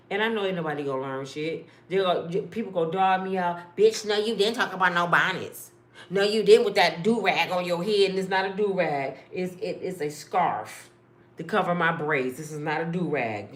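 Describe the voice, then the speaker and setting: A middle-aged woman telling a story in a casual vlog, shifting from quiet and tired to loud and exasperated. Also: fairly low pitch. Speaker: vlogger. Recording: echoey room.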